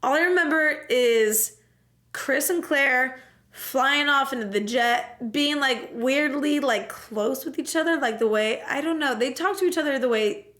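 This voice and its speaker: A young woman with a high, bright voice rattles through a game recap with lively, profane humor. She talks casually, like a streamer chatting with her viewers. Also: measured pace. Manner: animated, profane, jokey storytelling.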